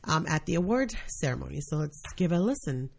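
A woman co-hosting a podcast in easy casual chat. Her voice sits a bit low, and her replies come short, relaxed and wry. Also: fairly quick, creaky. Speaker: podcast co-host.

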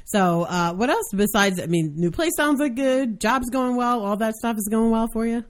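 A woman co-hosting a podcast, chatting casually and telling stories in an animated, profane way. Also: fairly high pitch, normal speed. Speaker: podcast co-host. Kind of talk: casual chat, reading a story aloud.

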